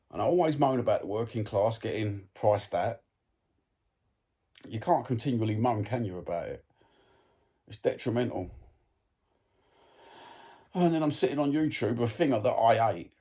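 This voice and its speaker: A football fan vlogger, a Cockney man from East London, England, gives a casual ranting monologue to his phone camera, blunt, sweary and full of ums. He speaks at medium pitch with a dark, slightly rough tone.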